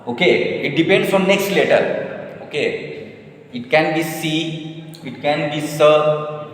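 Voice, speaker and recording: A man teaching a language lesson slowly, repeating each word and checking in with "okay?" after each point. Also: fairly high pitch, lively intonation. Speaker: French teacher. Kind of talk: slow, repetitive language lesson. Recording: echoey room with long reverb.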